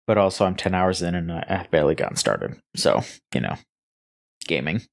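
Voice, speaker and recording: A man co-hosting a casual gaming news podcast, rambling and halting with frequent restarts and fillers. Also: deep voice, big pitch swings, gravelly. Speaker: podcast co-host.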